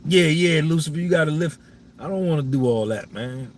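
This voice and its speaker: A man's voice: medium pitch, steady tone, fairly quick, a little mellow, slight background noise. A man hosting a live podcast, giving a blunt, profane monologue and repeating his points for emphasis. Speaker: podcast host.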